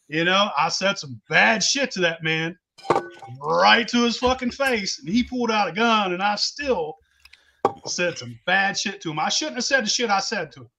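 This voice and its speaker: High, bright-voiced rowdy storyteller man. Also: moderate pace, creaky, a little hiss or hum. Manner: rowdy, swears constantly, laughs mid-story. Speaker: podcast host telling stories. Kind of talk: casual profane storytelling.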